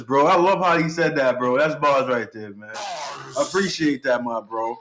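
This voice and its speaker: A man's voice: medium pitch, normal speed. A young man hosting a reaction video, hyped and chatty, repeating lines he likes and laughing often. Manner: excited, repeats phrases, laughs often, hype interjections. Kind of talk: casual reaction commentary.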